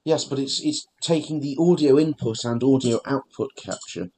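A man's voice: medium pitch, moderate pace, a little mellow, husky. A young man co-hosting a casual podcast, explaining things matter-of-factly. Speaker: podcast co-host. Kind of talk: casual chat.

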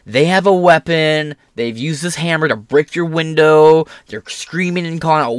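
A man's voice: a little high, moderate pace, hardly any pauses, no room sound, clean studio sound. A young man talking through a casual commentary vlog, sarcastic and mocking, swearing freely. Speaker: political commentator.

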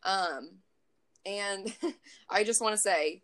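A woman's voice: medium pitch, a little slow, fairly bright tone. A woman co-hosting a casual chat, playful and teasing, laughing often. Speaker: podcast co-host.

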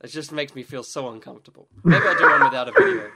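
A man chatting casually as a podcast co-host, groggy after a late night, talking in a halting way with restarts and quick laughs. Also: fairly high pitch, huge pitch swings, a loud crowd. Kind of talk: casual chat.

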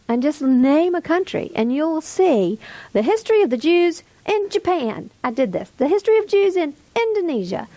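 A middle-aged woman teaching a Bible study class, with emphatic, lively stresses. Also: high-pitched, no echo.

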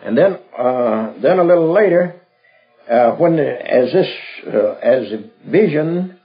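A man teaching from the Bible in a halting, folksy way, with many fillers and restarts. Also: a little high, lively intonation. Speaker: preacher. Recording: dull lo-fi old recording with faint music.

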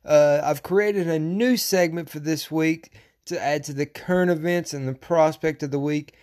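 A man's voice: a little high, normal speed. Profane ranting male podcast host. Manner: profane, ranting, loud and animated. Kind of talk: casual podcast talk.

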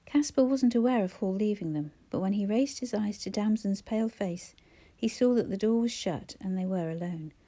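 Mellow-voiced woman narrating a novel. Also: mid-range voice, normal speed. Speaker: audiobook narrator. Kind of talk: scripted narration.

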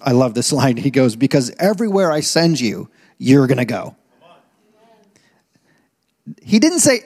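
A male pastor preaching a sermon, emphatic, slowing right down to stress key phrases and swinging from low and measured to loud and rising. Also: very animated. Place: church auditorium. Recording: long reverb in a large hall.

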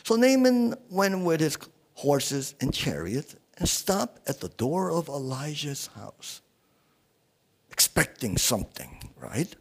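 A man preaching a sermon as a guest speaker at a small church, halting with many fillers and pausing to ask the congregation rhetorical questions. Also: a little high, very animated, vocal fry, slightly rough.

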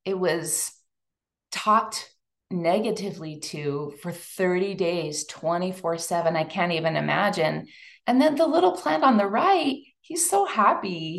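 A woman's voice: medium pitch, gravelly. A woman giving a chatty, emotional talk to a live audience. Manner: chatty and emotional, lively asides. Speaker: speaker at a women's event.

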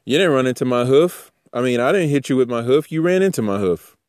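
Comic bit: man voicing a sassy slang-talking donkey, quick retorts. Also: mid-range voice, animated, darkish tone, no room sound, studio quality, close to an everyday voice. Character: sassy talking male donkey scolding its rider.

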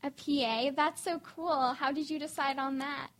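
A woman co-hosting a podcast, chatting in quick, bubbly banter and interviewing guests. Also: sits high, fairly even intonation, a bit bright. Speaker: podcast co-host.

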